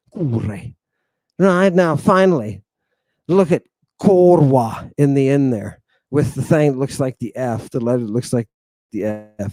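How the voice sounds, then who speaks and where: Slow, excitable male lecturer. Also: fairly high pitch, dry recording. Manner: enthusiastic, digressive, addresses listeners as "people"; spells out Greek words slowly, stumbling and self-correcting. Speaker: host, lecturer on ancient Greek texts. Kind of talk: livestream lecture, talking to viewers.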